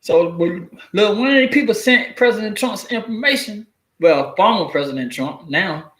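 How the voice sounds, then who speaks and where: Animated profane man in echoey room. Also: high-pitched, unhurried. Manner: loose, profane, animated storytelling with mock quotes. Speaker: commentary vlogger. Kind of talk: casual spoken commentary.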